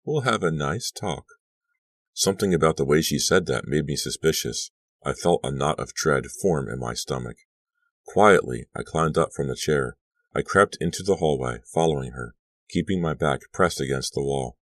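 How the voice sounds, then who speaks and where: A man reading an audiobook aloud as first-person narration, steady and measured. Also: rumbling low, no room sound, studio quality. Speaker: audiobook reader.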